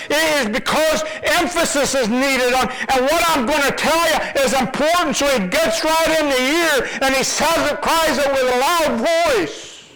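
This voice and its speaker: A man's voice: very high-pitched, animated, slow pace, background noise. A man preaching a sermon with emphasis, reading scripture aloud and repeating his words.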